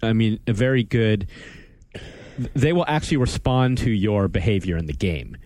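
The host of a laid-back gaming podcast talks at a moderate pace in a fairly low, expressive voice with a darkish tone and no echo. He wanders wryly from thought to thought, often halting and starting his sentences over.

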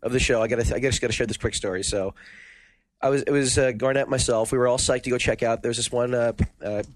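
A man's voice: mid-range voice, steady tone, fast talker, no room sound. A man co-hosting a casual podcast, rambling through a story with many restarts. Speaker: podcast co-host.

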